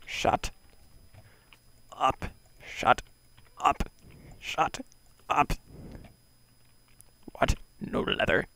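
A man talking to himself in deadpan, mock-solemn mutters and half-whispers while playing a video game. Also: very slow, long pauses, a little hiss or hum, rough recording. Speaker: gamer playing a block-building game.

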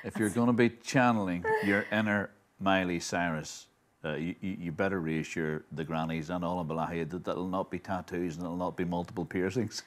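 Guy hosting, jokey teasing questions, lowish voice. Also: steady tone, brisk. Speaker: TV presenter. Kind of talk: broadcast interview.

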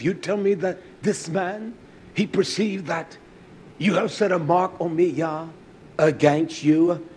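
A male preacher giving a sermon with Hebrew terms, swinging from low murmurs to loud declaiming. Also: steady tone, slow pace, husky.

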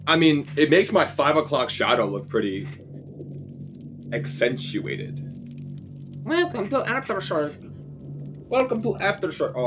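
A young man streaming a game from home, chatting casually, swearing and breaking into sudden excited outbursts. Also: mid-range voice, noisy background. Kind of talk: casual live-stream chat.

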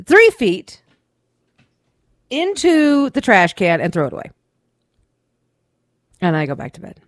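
A woman co-hosting a radio show, telling a weekend story in casual, swearing, animated chat. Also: medium pitch, no room sound, studio quality. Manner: chatty storyteller, swears freely, acts out quotes.

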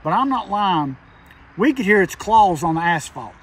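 Guy telling a scary hunting story, pretty high voice, talks kinda tense, sounds a bit far off the mic. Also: sing-song, moderate pace, slightly rough. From Kentucky. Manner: rural dialect, tense and emphatic. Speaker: hunter telling an encounter. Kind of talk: casual storytelling. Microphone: phone call.

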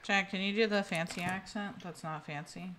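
A woman's voice: fairly low pitch, fairly even intonation, moderate pace, fairly bright tone, a little hiss or hum. A woman streaming a game with friends, teasing them, laughing often and swearing. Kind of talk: casual chat while playing.

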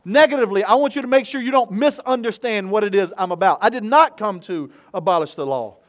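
A man's voice: sits high, expressive, quick pace. A man who is a pastor, preaching an earnest sermon at an outdoor church service, praying and repeating key phrases for emphasis.

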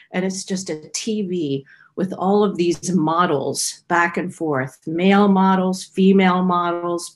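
A middle-aged woman, a researcher, casually telling a personal anecdote with small restarts. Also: lowish voice. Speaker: researcher being interviewed.

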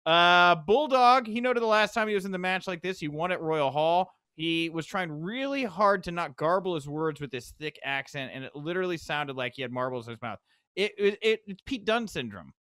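A man hosts a casual podcast, recapping with quick, excitable asides. His voice sits a little high, and the sound is dry and close, with no room echo. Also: clear, resonant tone. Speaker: podcast host. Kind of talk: casual chat.

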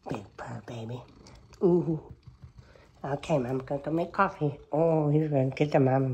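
At home at a table with coffee, a cat owner films her cats and talks baby talk to them, cooing and now and then whispering in a sing-song way. Her low-sitting voice has a dark tone and moves at normal speed. The casual pet talk carries slight background noise.

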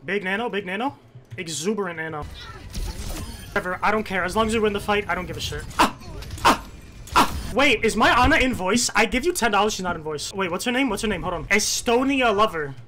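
A young male streamer giving live play-by-play in a ranked match, his voice leaping up and down as he shouts callouts to teammates and curses at what happens. He speaks through a headset or desk mic, and a steady hiss of noise sits under his voice. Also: sits high. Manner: excitable, swearing, yelling quick callouts to teammates. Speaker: gaming streamer. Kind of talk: live gameplay commentary and team voice chat.

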